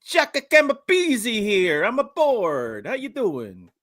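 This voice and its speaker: A man's voice: sits high, lively intonation, slow pace, fairly bright tone, voice pushed up, exaggerated voice. A man voicing a brash, streetwise Italian-American wiseguy as a comic bit on a podcast. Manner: streetwise, teasing.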